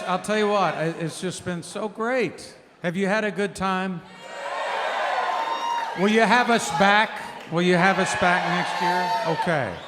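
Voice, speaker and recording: A man hosting from a concert stage, talking slowly in a folksy, rambling way with a fairly high voice. His voice rings with long hall reverb, and faint music and crowd noise sit behind it. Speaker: host. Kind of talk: live stage banter.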